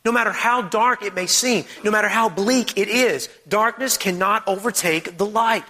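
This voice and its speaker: A man's voice: high-pitched, moderate pace, bright, forceful tone, long reverb tail. A man preaching a sermon, emphatic and repetitive, who fires off strings of rhetorical questions.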